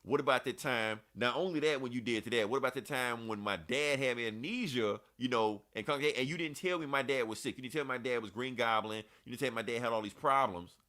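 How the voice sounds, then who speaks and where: A man's voice: mid-range voice, fairly quick, hardly any pauses, pushed and bright, natural voice. A man quoting a bitter young man who holds a grudge, in an accusing, profane way.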